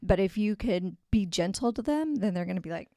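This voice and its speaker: A woman speaking earnestly on a faith discussion podcast, voice sitting at a middle pitch. She talks in a relaxed, chatty way, with plenty of fillers and restarts. The sound is dry and close, with no room around it. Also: brisk, dry recording. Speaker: podcast co-host.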